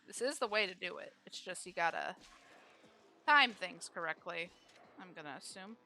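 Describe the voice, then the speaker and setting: A woman's voice: lowish voice, lively intonation, moderate pace, sharp tone, faint music behind. A woman streamer giving casual live commentary on a game, grumbling aloud and swearing freely.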